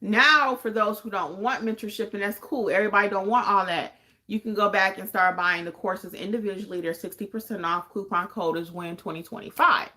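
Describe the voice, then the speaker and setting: This woman talks fairly quickly at a medium pitch, her tone pushed and bright. As a podcast host and notary trainer, she chats with livestream viewers, answering questions and emphatically repeating points to drive them home.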